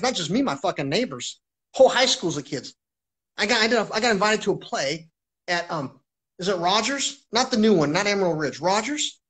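A man with a husky, slightly rough voice holds forth on his own live stream. He talks in an agitated, rambling way, circling back on himself and swearing constantly. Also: sits high, fairly bright tone, rough recording. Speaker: livestreamer.

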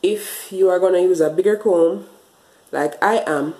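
A woman's voice: on the low side, a little slow, mellow, reverberant, rough recording. A woman vlogging a hair wash routine, explaining each step casually to the camera and a bit out of breath. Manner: chatty, explains step by step while washing her hair. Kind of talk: casual tutorial talk to camera.

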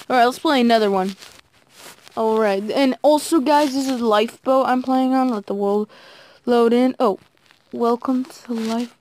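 A woman giving casual, excitable commentary while playing a game, talking to her viewers and admitting she is nervous. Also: on the high side, normal speed. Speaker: gaming video creator.

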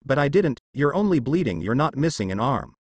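A man's voice: medium pitch, big pitch swings, brisk, breathy edge, no echo. A man voicing a cold vampire ninja boy. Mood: cold, menacing. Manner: cool, threatening delivery.

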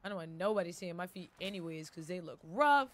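A woman's voice: lowish voice, expressive, fairly quick, slight background noise. A woman playing a game with friends, teasing and easygoing in casual chat. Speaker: gaming teammate.

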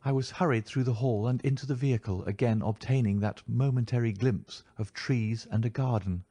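A male narrator reading a classic detective story in a measured, even way. His voice sits at an ordinary middle pitch, and the recording is dry and close, with no room sound. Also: breathy edge, no room sound. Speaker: audiobook narrator.

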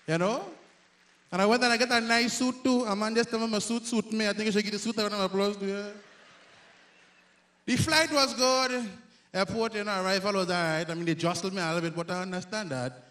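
A man from Grenada with a Grenadian accent, performing a loud, self-mocking stand-up comedy set on stage. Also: high voice. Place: live comedy stage before an audience.

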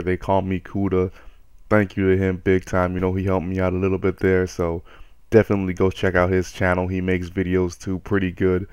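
A man's voice: low voice, smooth, dry recording. A man giving a casual, chatty vlog intro to his channel's viewers. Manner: relaxed, chatty, thankful. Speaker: gaming YouTuber.

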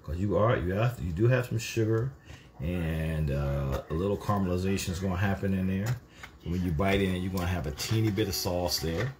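A woman's voice: extremely low pitch, brisk. A woman co-hosting a home cooking show, chatting casually and teasing her partner as she cooks. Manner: playful teasing, lively cooking banter.

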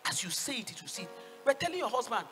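A woman with a Nigerian accent preaching a sermon, fervent, swinging from hushed tones to shouts and calling for answers from the congregation. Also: on the high side, big pitch swings, quick pace, music in the background. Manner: call-and-response with the congregation.

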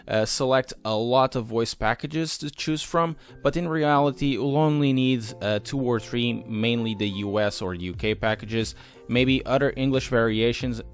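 A man reads a prepared software review at a mid-range pitch, walking through features in a steady, explanatory way. Quiet music runs softly underneath his voice. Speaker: sim racing channel host. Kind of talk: scripted software review voice-over.

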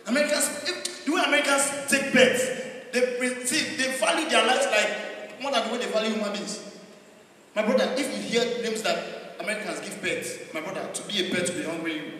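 A man with a Nigerian accent performs stand-up comedy in a live venue, his delivery animated and full of pidgin asides. His voice sits high for a man. It rings through a large echoey hall and sounds distant from the mic. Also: fast talker. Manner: animated, switching between singing, shouting and pidgin asides.

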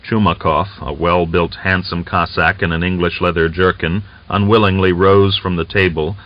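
A man narrating a novel as an audiobook in a steady, measured reading. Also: sits low. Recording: dull lo-fi audiobook recording.

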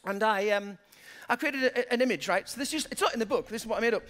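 A man's voice: high-pitched, fast, fairly bright tone. A man, a motivational speaker telling a story to a live audience and acting out the people he quotes. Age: 50s. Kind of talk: keynote talk to a live audience.

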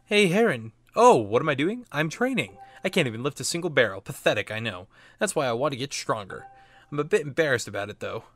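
A man's voice: medium pitch, sing-song, fast talker, fairly bright tone. A man reading the lines of an earnest, self-deprecating young trainee in a video game. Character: weak, eager young male trainee.

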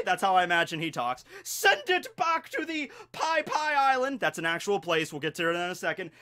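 Guy rambling about a cartoon show, high bright voice, lots of restarts. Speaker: YouTube host. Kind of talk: casual fan commentary.

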